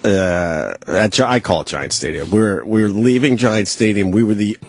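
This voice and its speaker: Male talk radio host, low voice, blunt and crude, dry studio sound. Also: moderate pace, gravelly, no echo. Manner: blunt, profane, laughs easily. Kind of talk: casual banter, taking calls.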